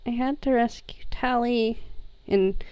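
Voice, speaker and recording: Tabletop game: heartsore young figure, woman player, halting delivery, high, smooth. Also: steady tone, warm tone, no echo. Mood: hurt. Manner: halting, many restarts and trailing words. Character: troubled young person, heartsore and wistful. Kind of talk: in-character tabletop role-play. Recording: muffled lo-fi mic.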